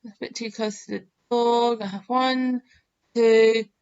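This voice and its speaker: A woman's voice: fairly high pitch, level tone, moderate pace, a little mellow, clean tone, lo-fi sound. A woman giving chatty, self-mocking gameplay commentary, thinking aloud with plenty of fillers. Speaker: game channel host.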